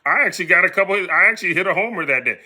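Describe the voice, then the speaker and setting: Animated middle-aged man telling a story. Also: high-pitched, rapid-fire. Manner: animated, acts out quoted voices. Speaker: podcast host telling his story. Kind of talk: casual storytelling.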